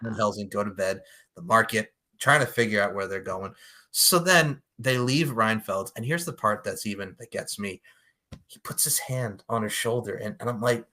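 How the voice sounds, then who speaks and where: A man co-hosting a casual pop culture podcast, recapping a movie in a profane, animated way, laughing often and acting out the characters' lines. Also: on the low side, normal speed. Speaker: podcast co-host.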